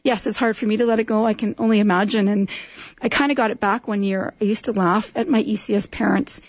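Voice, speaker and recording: A woman's voice: medium pitch, fairly even intonation, quick pace, dry recording. A middle-aged woman, a school administrator telling stories in a friendly, chatty interview, often laughing. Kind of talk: interview conversation.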